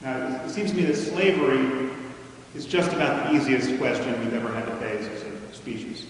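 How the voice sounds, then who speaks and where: A man giving a measured, argumentative lecture to an audience, often restarting his sentences. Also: mid-range voice, expressive, slight background noise. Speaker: public speaker. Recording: echoey hall recorded from far off.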